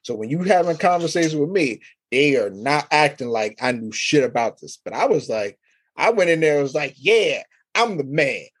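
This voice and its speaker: Male podcast host, slightly high voice, animated storyteller who acts out the quotes. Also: brisk. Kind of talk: casual podcast chat.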